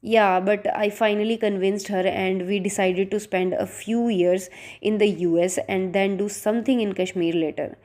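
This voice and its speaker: A woman reading the lines of a nervous, grieving young man who pleads softly and slowly, in an audiobook. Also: medium pitch, fairly even intonation, close to an everyday voice. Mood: pleading. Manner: pleading, quiet and slow.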